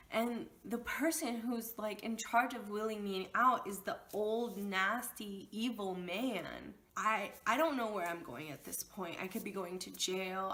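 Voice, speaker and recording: A woman's voice: medium pitch, a bit bright. A young woman telling a storytime vlog, heated and emotional, swearing openly as she recounts what happened to her. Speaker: vlogger.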